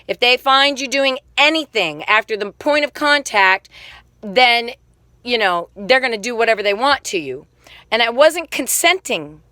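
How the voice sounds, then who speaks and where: Angry woman vlogger with a sharp tone and a dry sound, cursing through a quick rant. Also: high-pitched, dry recording. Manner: heated, swearing, quick angry storytelling. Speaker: vlogger telling her own story. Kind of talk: casual spoken monologue.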